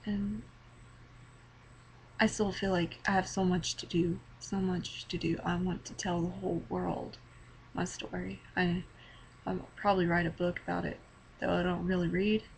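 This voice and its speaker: Earnest teen girl, halting testimony. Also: lowish voice, flat delivery, gravelly, a little mellow, slight background noise, poor audio. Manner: earnest, halting, repeats words. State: emotional, near tears. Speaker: vlogger. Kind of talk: personal testimony vlog. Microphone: webcam mic.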